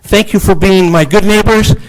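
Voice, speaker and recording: A man's voice: sits high, normal speed, low-quality recording. A man giving public comment at a city council meeting, pleading emotionally with the council. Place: council chamber.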